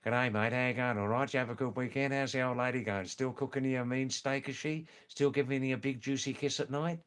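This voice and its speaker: A matey, cheeky Australian bloke with a broad, nasal drawl, as a man puts him on. He ribs a workmate in a slow, friendly way, with a voice sitting at an everyday middle pitch. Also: steady tone, fairly bright tone, clean tone, natural voice. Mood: matey teasing. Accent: broad Australian, put on. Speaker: live stream host.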